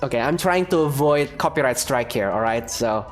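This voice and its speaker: A man's voice: medium pitch, lively intonation, normal speed. Young male gameplay commentator, casual, step-by-step explaining, faint music behind. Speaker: game channel host.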